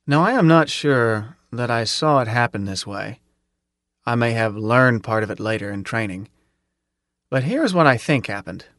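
Man, audiobook narrator, mid-pitched voice, measured first-person telling, dry close studio sound. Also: a bit bright, no room sound.

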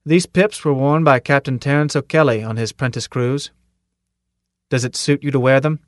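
A man voicing a stern, gruff older military commandant in an audiobook, speaking in a clipped, authoritative way and firing off pointed questions. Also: medium pitch, steady tone, moderate pace, no echo, studio quality, lightly acted. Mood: commanding. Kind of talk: audiobook character reading.

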